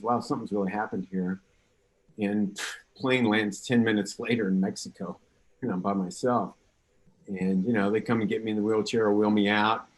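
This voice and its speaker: An older man from California tells his story with energy, acting out what others said to him. His voice sits a little low. He speaks as a guest on a remote panel. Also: poor audio. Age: 60s. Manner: lively anecdotal storyteller, acts out quotes. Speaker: patient guest.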